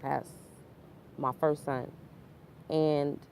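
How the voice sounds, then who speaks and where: A woman's voice: low-pitched, level tone, extremely slow, creaky, darkish tone, a little hiss or hum. A woman candidly telling her own life story to camera, slangy and full of asides. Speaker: vlogger.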